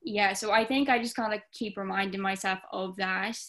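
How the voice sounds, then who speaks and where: A young woman with an Irish accent talks casually as a podcast guest. She rambles warmly through her thoughts with plenty of "like" and "literally". Her pitch sits in the middle range for a woman. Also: fairly even intonation, moderate pace. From Ireland. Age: young adult. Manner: chatty, many fillers, acts out comments in quoted voices. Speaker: guest content creator.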